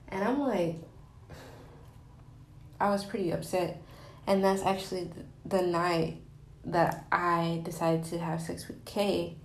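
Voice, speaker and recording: A woman's voice: on the low side, roomy sound, a little hiss or hum. A woman in her twenties telling a candid personal story, rambling with many fillers and restarts.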